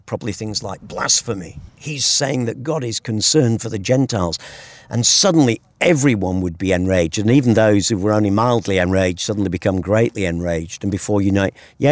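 British guy, lowish voice, earnestly explaining bible stuff outside on a hilltop, dry close sound. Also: no room sound. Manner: earnest, explanatory, rhetorical questions. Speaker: Bible teacher guest. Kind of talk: outdoor conversational Bible teaching. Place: hilltop cliff edge outdoors.

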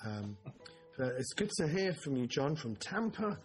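A man's voice: on the high side, very animated, moderate pace, soft background music. A man co-hosting a podcast in casual film chat, rambling and interrupting himself, now and then swearing. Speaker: podcast co-host.

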